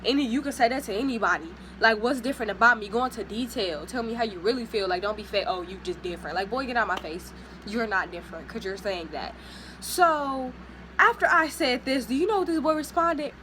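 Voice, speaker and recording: A young woman tells a casual vlog story in a slightly high voice. She is sassy and animated and acts out what other people said. A faint ambient noise sits under her voice. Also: brisk. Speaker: vlogger.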